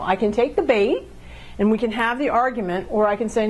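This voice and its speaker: A woman's voice: on the high side, a little fast, slightly rough. A woman instructor giving a classroom lecture on communication, repeating key phrases and checking in with her listeners. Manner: acts out couples' dialogue to illustrate.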